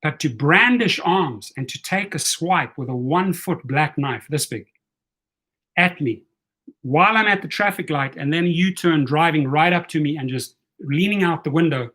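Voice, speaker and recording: A man in his fifties hosts his own channel and tells a tense personal story straight to the camera. His voice sits a little higher than most men's. He talks bluntly and animatedly, swearing freely as he goes. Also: normal speed. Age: 50s. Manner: animated, profane, blunt retelling of a confrontation. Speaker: rideshare channel host. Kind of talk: casual story-telling vlog.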